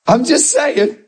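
A man preaching a sermon in a conversational, animated way, acting out the people he quotes. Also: rough recording.

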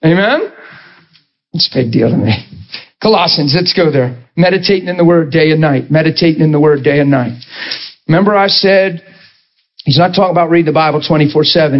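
A man's voice: fairly high pitch, muffled recording. A man preaching a sermon in a conversational way, often checking in with his listeners.

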